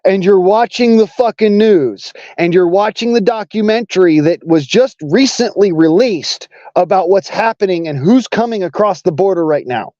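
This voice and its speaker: A man's voice: sits high, normal speed, few pauses, mellow, dry recording, lo-fi sound. A man from Arkansas with a Southern accent, hosting a casual political monologue in a blunt, profane, rambling way. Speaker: online talk show host.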